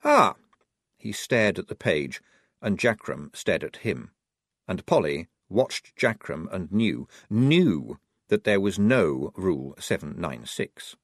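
A man narrating an audiobook with an expressive, varied delivery. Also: deep voice, takes it slowly, no room sound, clean studio sound. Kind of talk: scripted narration.

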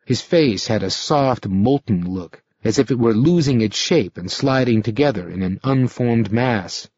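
A male narrator reads an audiobook with a lively, rising-and-falling delivery and a slightly husky voice. The sound is dry and close, a little muffled at the top. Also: medium pitch, a little slow, no echo. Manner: expressive, dramatic reading.

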